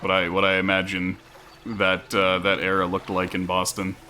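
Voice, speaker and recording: Low bright-voiced streamer. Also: male voice, normal speed, soft background music. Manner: relaxed, wry asides. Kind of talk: casual game commentary.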